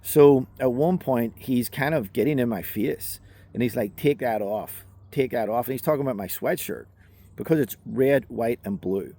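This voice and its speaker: A man's voice: medium pitch, normal speed, creaky, warm tone, breathy edge. A man with a Northern Irish accent, a self-defense instructor telling a personal story in a casual, conversational way with many fillers. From Northern Ireland.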